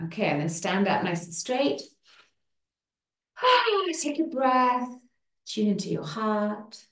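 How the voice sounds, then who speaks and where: A woman leading a guided affirmation exercise online, stretching out affirmations slowly with playful asides. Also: mid-range voice, sing-song, roomy sound. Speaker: workshop leader.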